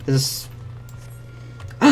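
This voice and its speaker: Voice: very slow, soft background music. A streamer playing an online role-playing game, talking to themself in casual commentary, swearing freely and reading game text aloud. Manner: talks to self, mutters, swears freely. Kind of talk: casual let's-play commentary.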